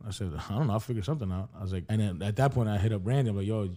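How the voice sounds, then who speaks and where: A man talks quickly in a loose, casual podcast chat, rambling through a story and playing out both sides of each conversation. His voice sits a little low and has a dark, mellow tone. He swears freely as he goes. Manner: rambling storyteller, heavy swearing, acts out dialogue. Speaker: podcast co-host telling a travel story.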